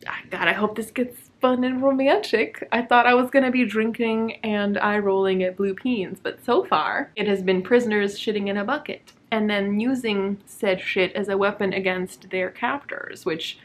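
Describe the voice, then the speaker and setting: A woman's voice: mid-range voice, steady tone, normal speed, few pauses. A woman talking casually to her camera at home about a book she is reading, sarcastic, swearing freely and laughing often. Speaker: book vlogger. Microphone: camera mic.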